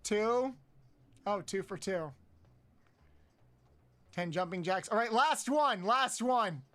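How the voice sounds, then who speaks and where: A man streaming a game, counting aloud, swearing often and yelping high when frustrated. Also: animated, slow, fairly bright tone, soft background music. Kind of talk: casual live-stream chat while playing.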